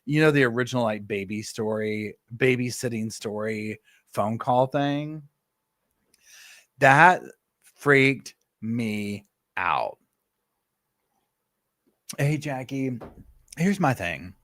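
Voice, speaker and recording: A man, hosting a casual live chat from home and telling animated stories full of fillers and asides. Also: mid-range voice, unhurried, no echo, clean studio sound. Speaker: live stream host.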